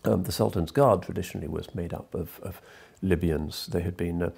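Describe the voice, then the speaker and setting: Male scholar, deep dark voice, thoughtful lecturing pace. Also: steady tone, brisk, creaky, husky. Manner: thoughtful, with fillers and restarts, occasional coughs. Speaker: Islamic scholar recommending books. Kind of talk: informal lecture talk.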